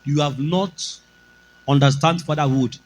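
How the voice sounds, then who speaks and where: A man's voice: a little high, unhurried, poor audio. A male pastor with a Nigerian accent, preaching a sermon with emphatic delivery and slipping into Pidgin.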